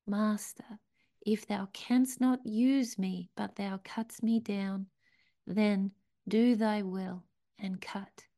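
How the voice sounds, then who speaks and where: A devoted bamboo plant from a storybook parable, speaking in archaic words, as a woman reads it. It pleads slowly and softly, often sinking to a whisper. The pitch sits in the middle. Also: fairly even intonation. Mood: resigned. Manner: pleading, archaic speech, drops to hushed whispers.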